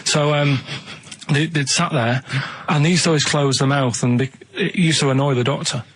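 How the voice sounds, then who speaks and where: A man in casual radio banter who tells rambling stories, halting with many fillers and restarts. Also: a little high, fairly even intonation, fairly bright tone, a little hiss or hum. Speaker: radio show regular.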